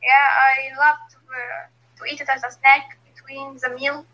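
Young woman from egypt, arabic native, english learner, high bright voice, hesitant, online video call. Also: flat delivery, unhurried, rough recording. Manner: hesitant, with fillers and grammar slips. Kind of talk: online lesson conversation.

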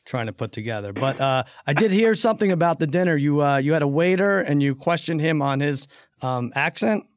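A man's voice: on the high side, expressive, brisk, no room sound, studio quality. A man hosting a casual sports betting podcast, teasing his co-hosts and laughing often. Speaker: podcast host.

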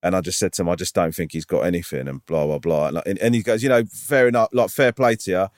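A man, a stand-up comedian and podcast co-host, telling an animated story in casual chat with lots of "like" and "right?". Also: low-pitched, quick pace, no room sound, studio quality. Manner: animated, full of fillers like "like" and "right?".

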